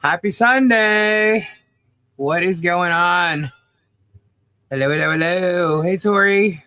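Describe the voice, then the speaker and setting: A man's voice: high-pitched, takes it slowly, pushed and bright, clear, resonant tone, dry recording. A man hosting a livestream who chats casually and rattles off viewers' names. He sounds a bit stuffy and nasal from the humidity and allergies. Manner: upbeat, chatty, rattles off names. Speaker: livestream co-host.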